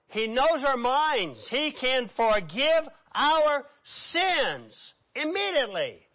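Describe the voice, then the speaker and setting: A man preaching a sermon with dramatic swings between hushed and loud delivery. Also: very high voice.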